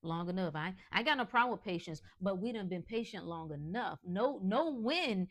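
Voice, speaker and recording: A woman's voice: medium pitch, animated, normal speed. A woman hosting a podcast, delivering an emphatic, preachy motivational monologue in colloquial speech, breaking into laughs. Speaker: podcast host.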